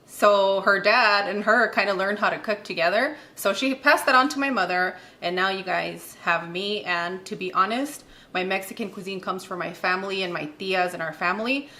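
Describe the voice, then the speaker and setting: A cheerful woman in her thirties hosts a cooking video from her home kitchen. Her voice is bright and forward. She talks casually, laughs easily and counts out loud while she works. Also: mid-range voice, normal speed, few pauses. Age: 30s. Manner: chatty and giggly, counts aloud while working. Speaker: cooking channel host.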